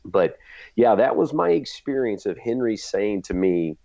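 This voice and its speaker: Animated storyteller man, low and lively. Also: a little slow, vocal fry, dry recording. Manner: vivid, acts out his own reactions. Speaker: guest martial arts instructor. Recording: dull, lo-fi dry sound.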